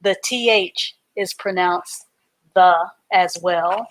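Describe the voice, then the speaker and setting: A woman's voice: fairly low pitch, slow, slight background noise. A woman teaching a live online reading class, patiently spelling words out letter by letter and explaining them simply.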